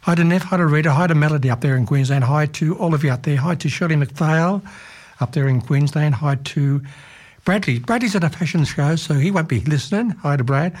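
Husky Australian radio host, rambling. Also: male voice, a little high, fairly quick. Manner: chatty, rambling shout-outs with fillers. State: losing his voice, husky. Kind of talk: casual radio greetings.

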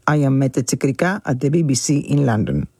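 A man reading a scripted international news bulletin in a measured, formal way. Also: mid-range voice, sing-song, dark tone, slightly rough, no echo, clean studio sound. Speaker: newsreader.

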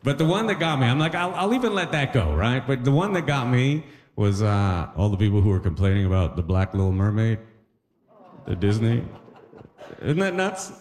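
A male stand-up comedian working a live crowd with animated, jokey storytelling. His pitch swings widely from low mutters to high squeaks. The stage sound rings with long reverb. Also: moderate pace. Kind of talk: stand-up set.

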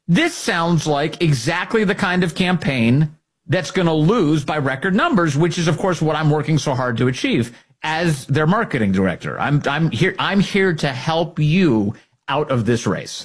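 A middle-aged man hosting a talk radio show, delivering mocking, sarcastic political commentary in an animated way. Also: a little high, breathy edge.

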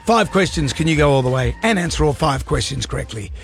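A man's voice: a little high, lively intonation, gravelly. A man co-hosting a drive-time radio show, reading quiz questions and cracking jokes. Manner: jokey, quick quips. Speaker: radio co-host.

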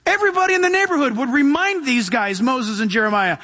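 A man's voice: extremely high pitch, fast, bright, forceful tone. A man preaching a sermon, emphatic and punchy, who keeps saying "listen" and acts out voices as he preaches. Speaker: pastor.

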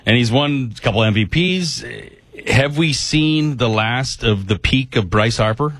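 A man's voice: mid-range voice, a little slow, a bit bright, no room sound. A man co-hosting a sports talk show, asking a question in a curious, laid-back way.

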